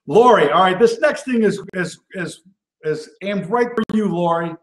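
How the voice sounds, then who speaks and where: A man's voice: high voice, measured pace, reverberant, slight background noise. A man hosting a live cooking show in casual, chatty talk. He keeps tagging his points with "all right?" and gets worked up as he goes. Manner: enthusiastic and animated, gets worked up. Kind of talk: casual live-stream chat.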